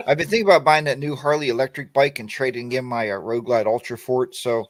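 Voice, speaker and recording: A man's voice: mid-range voice, fast, over a noisy crowd. Joking, rambling man hosting a chat. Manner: rambling, joking, restarts sentences. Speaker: podcast host. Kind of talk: casual chat.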